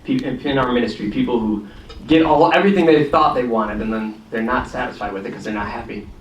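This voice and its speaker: A man's voice: medium pitch, fast talker, a little hiss or hum. A man casually telling a story to a congregation audience, chatty and self-deprecating, before playing guitar. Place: congregation hall. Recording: echoey hall, distant mic, guitar.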